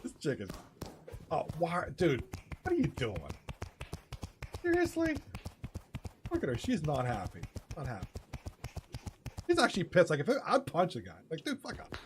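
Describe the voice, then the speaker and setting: A man's voice: on the high side, huge pitch swings, normal speed, pauses often, noisy background. A man hosting a live stream, chatting casually, laughing often, swearing freely and reading chat aloud. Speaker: host of an online hockey game league stream.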